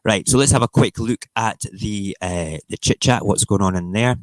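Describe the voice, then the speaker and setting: A man's voice: on the low side, moderate pace, no room sound. A middle-aged Scottish man hosting a casual morning livestream, reading the papers with sarcastic, sweary, mock-outraged rants. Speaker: livestream host. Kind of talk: morning chat show, ranting about newspaper front pages.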